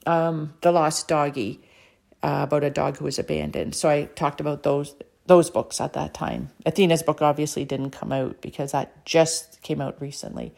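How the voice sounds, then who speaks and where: A middle-aged woman from Canada telling a personal story with deep emotion, earnest and encouraging, her mouth dry. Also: little pitch movement, moderate pace, gravelly, a little mellow. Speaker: author and speaker sharing a personal story.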